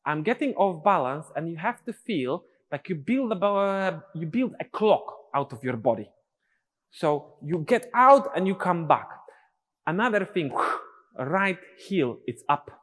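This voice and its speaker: A man's voice: sits high, very animated, unhurried, fairly bright tone, in a large hall. A male dance teacher, explaining steps and counting rhythms aloud in syllables. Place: dance studio.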